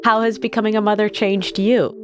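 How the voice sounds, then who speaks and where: A woman's voice: medium pitch, little pitch movement, fairly quick, over music. A woman interviewer asking brief, prompting questions.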